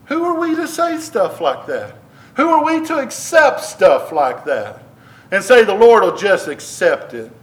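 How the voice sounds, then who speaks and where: A man's voice: high-pitched, very animated, unhurried. A man preaching a sermon, earnest, with repeats and restarts that build into emphatic bursts. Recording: echoey room.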